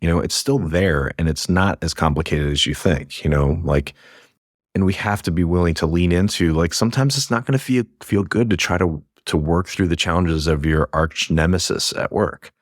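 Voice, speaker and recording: Brief: low-pitched male podcast guest, loose and rambling, dry close sound. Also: moderate pace, dry recording. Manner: rambling, self-interrupting, laughs often. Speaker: guest, happiness speaker. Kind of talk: casual podcast conversation.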